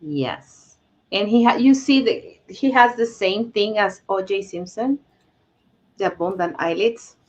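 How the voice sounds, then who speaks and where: Slow, lively woman on a muffled line. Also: medium pitch. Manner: short agreeing replies.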